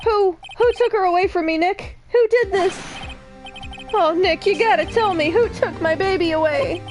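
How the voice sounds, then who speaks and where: A woman's voice: high-pitched, big pitch swings, normal speed, soft background music. A woman voicing a melodramatic young man who wails in heartbroken despair while reading a game aloud. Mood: wailing despair. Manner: wailing, over-the-top despair. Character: panicked heartbroken young man, dramatic slacker.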